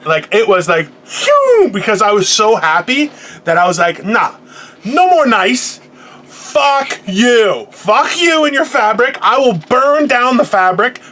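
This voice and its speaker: Profane, animated man ranting. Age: 40s. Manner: animated, profane storyteller who bursts into loud, high outbursts. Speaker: podcast co-host. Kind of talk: casual motivational rant.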